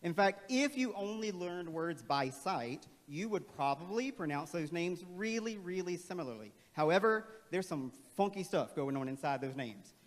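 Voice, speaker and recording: A man leading a playful, energetic, interactive staff training workshop in a large auditorium. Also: high-pitched, normal speed, hardly any pauses. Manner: playful, energetic, calls on the crowd. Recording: long hall reverb.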